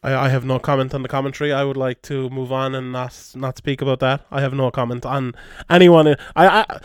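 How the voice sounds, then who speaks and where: A man's voice: mid-range voice, fairly even intonation, fairly quick, smooth, no room sound, clean studio sound. Chatty man reading out listener questions. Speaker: podcast host. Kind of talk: casual sports chat.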